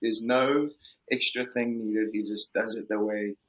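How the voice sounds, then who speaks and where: A man's voice: fairly low pitch, steady tone, a little slow, a bit bright, rough recording. Candid man telling an interview story. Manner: candid, self-deprecating storytelling. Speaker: actor. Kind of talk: casual interview talk.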